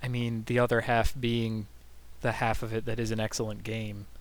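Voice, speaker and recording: Curious man with a smooth voice. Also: lowish voice, completely flat delivery. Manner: curious, asks quick follow-up questions. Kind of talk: casual chat.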